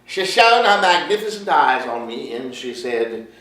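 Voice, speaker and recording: An actor playing a wistful, lovestruck 52-year-old playwright in a one-man stage monologue, reminiscing with animated storytelling. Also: mid-range voice, a little slow. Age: 50s. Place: theater stage. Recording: roomy stage sound from a far camera with faint noise.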